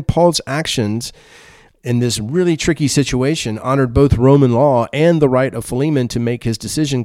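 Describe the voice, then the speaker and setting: A man preaching a sermon in an earnest, conversational way. His voice is mellow and warm, at an ordinary pitch for a man. The sound is dry and close, with no room echo. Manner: earnest, conversational, repeats words. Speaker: pastor.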